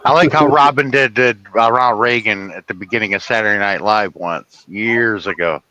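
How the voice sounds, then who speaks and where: A man's voice: on the low side, moderate pace, pushed and bright, poor audio. A man in casual chat, retelling a comedy bit as a story.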